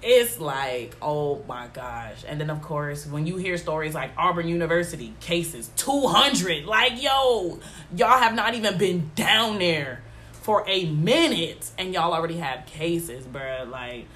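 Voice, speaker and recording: Low-voiced young woman, congested. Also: animated, a little slow, a bit bright, a little hiss or hum. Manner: emphatic, exasperated, lots of slang fillers. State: congested from allergies. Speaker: podcast host. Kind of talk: casual solo podcast chat.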